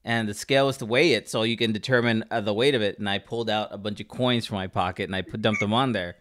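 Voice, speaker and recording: A man from Southern California telling a story in casual chat, rambling and halting with many fillers and restarts. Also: on the low side, steady tone, fairly bright tone.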